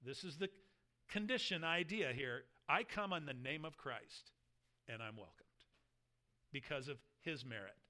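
A man's voice: fairly high pitch, lively intonation, a little slow, bright, forceful tone. A man preaching a sermon, explaining scripture verse by verse and reading passages aloud with earnest emphasis. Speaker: pastor.

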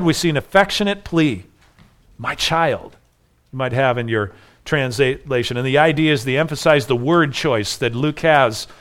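A man's voice: fairly high pitch, a bit bright, smooth. A man preaching an earnest expository sermon, acting out the voices in a parable as he explains it. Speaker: pastor.

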